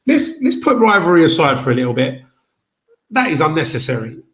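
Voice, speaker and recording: A man's voice: fairly high pitch, very animated, brisk, a bit bright. A man, co-hosting a casual football chat show and arguing his points emphatically, often repeating himself. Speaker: podcast co-host.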